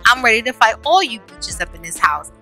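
A woman voicing a furious woman brawler in a game, shouting slangy challenges to fight. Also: on the high side, big pitch swings, fairly quick, soft background music, exaggerated voice. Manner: loud, challenging, slangy trash talk.

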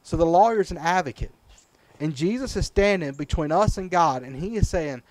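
A man's voice: on the high side, lively intonation, fairly quick, background noise. A man, a preacher, teaching a children's Sunday school Bible lesson, checking in with the kids often. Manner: patient, checks in often with "right?" and "okay?".

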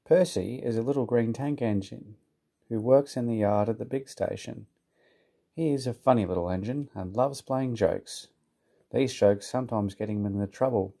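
A man reading a children's storybook aloud in a calm, even manner. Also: mid-range voice, moderate pace, vocal fry.

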